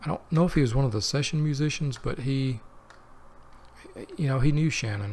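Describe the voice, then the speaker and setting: A man with a mid-range, darkish voice hosts a let's play at normal speed, with a little hiss or hum in the audio. Rambling, he chats casually to himself as he plays, drifting between the game and personal tangents.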